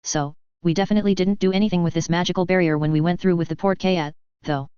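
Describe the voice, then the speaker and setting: Woman reading anxious determined young witch, brisk, insistent, smooth lowish voice, dull lo-fi sound. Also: steady tone, mellow, no room sound, lightly acted. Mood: worried, brisk. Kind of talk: fan fiction read aloud. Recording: dull lo-fi dry recording.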